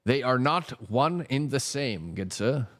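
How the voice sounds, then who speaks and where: A man's voice: medium pitch, expressive, takes it slowly, no echo. A man hosting a stock market livestream, ranting in a casual, exasperated way, swearing often and repeating himself. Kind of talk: casual profane market rant.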